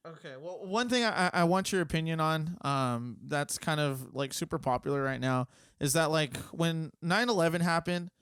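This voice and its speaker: A man's voice: a little high, moderate pace, a bit bright, smooth, no echo, studio quality. A man in his twenties hosting a podcast, asking questions in casual chat and often laughing. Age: 20s. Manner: laughs often, short reactions. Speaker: podcast host.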